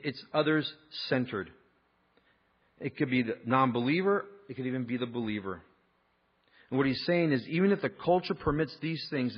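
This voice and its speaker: Pastor guy preaching, slightly husky voice, chatty storytelling, muffled lo-fi sound. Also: mid-range voice. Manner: conversational, emphatic, storytelling. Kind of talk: sermon with personal anecdote.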